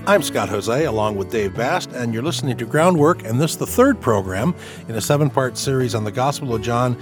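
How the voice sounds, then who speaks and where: A man's voice: medium pitch, expressive, a little fast, music in the background. A man co-hosting a radio Bible program, chatting conversationally and reading scripture aloud with expression.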